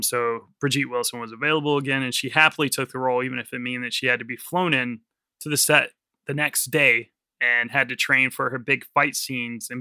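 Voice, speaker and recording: A man's voice: mid-range voice, sharp tone, dry recording, studio quality. A man co-hosting a film podcast, telling behind-the-scenes trivia in casual, swearing chat. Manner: swearing, laughs often, tells production trivia. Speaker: podcast co-host.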